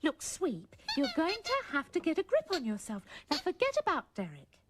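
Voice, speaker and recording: A woman presenting a children's puppet show, gently coaxing and soothing the puppets as if they were small children. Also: high-pitched, wildly swooping pitch, moderate pace. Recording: old VHS tape with music and hiss.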